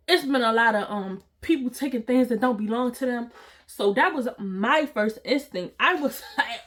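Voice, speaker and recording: A woman tells a story to her viewers, dramatic and full of slang. Her voice is a touch high, and her delivery is big and expressive. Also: moderate pace. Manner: dramatic, talks straight to the viewers with slang and exaggeration. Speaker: storytime vlogger. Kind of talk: animated storytime vlog.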